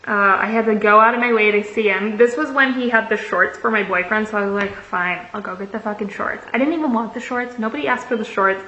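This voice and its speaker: A woman's voice: on the high side, fast talker, few pauses, bright, forceful tone, slight background noise. A young woman vlogger telling a story in a casual, chatty way, swearing freely and filling her talk with likes and ums. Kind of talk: casual storytime, reading messages aloud. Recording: echoey room, slightly muffled.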